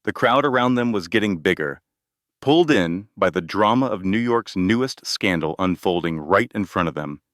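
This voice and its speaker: A man narrating a scripted drama story in an even, measured way. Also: low voice, dry recording, studio quality.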